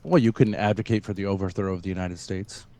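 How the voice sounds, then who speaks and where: A man on a stream panel, making halting, provocative points with many restarts. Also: deep voice, fairly even intonation, darkish tone. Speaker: panel guest. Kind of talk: live debate on a stream.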